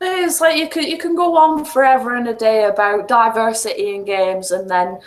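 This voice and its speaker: A woman with a Northern English accent holding forth in casual podcast chat. She swears freely and rants with animated energy, her voice sitting somewhat high. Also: normal speed, low-quality recording. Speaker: podcast co-host.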